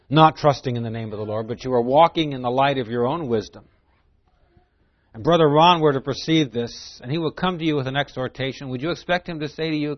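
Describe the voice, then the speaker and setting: A man's voice: mid-range voice, no room sound. A man teaching from scripture in a sermon, moving between reading verses aloud and plain, conversational explanation. He often poses rhetorical questions to his listeners. The recording is dry and close, with a slightly dull, lo-fi tone. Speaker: preacher.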